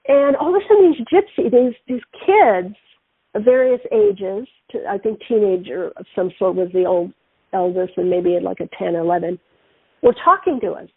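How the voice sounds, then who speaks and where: A middle-aged woman hosts a spiritual talk radio show, telling stories animatedly and acting out the voices she quotes. Her voice is a touch high and breathy at a moderate pace. The sound is dry and close, through a narrow, phone-like line.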